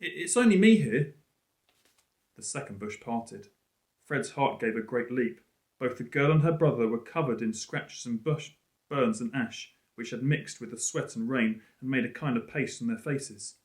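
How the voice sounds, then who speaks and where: A male teacher reading a storybook aloud in an expressive, lively way. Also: mid-range voice, normal speed. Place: school room. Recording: roomy echo.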